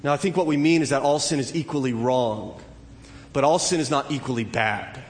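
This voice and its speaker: A pastor preaching a sermon. He builds to emphatic, animated peaks and then drops back low. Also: brisk. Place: church sanctuary. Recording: long hall reverb, faint noise.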